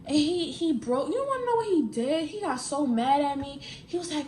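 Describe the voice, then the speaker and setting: A woman's voice: high voice, animated, normal speed, a little mellow, a little hiss or hum. A young woman, telling a storytime in casual, slangy chat and repeating phrases for emphasis. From New York. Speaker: vlogger. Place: at home, getting ready.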